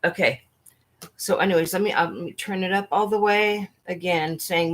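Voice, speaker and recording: A woman hosting a casual livestream chat, talking earnestly and haltingly with frequent restarts. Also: fairly low pitch, fairly even intonation. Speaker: livestream host.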